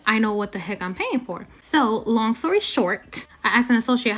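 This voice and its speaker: A woman telling a storytime video, animated, acting out both sides of the exchange with sarcasm. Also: fairly high pitch.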